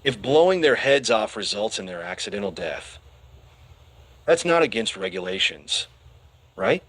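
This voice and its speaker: A man's voice: on the low side, big pitch swings, measured pace, fairly bright tone, no room sound, full character voice. A man voicing a scheming young male space cadet who talks earnestly about the rules. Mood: smug scheming. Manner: earnest, self-satisfied.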